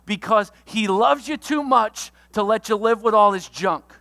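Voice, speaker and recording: A pastor giving a sermon, walking through a numbered list of alliterative points with energetic delivery and sudden loud outbursts. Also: medium pitch, normal speed, hardly any pauses, long reverb tail. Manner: lists points with alliterative words.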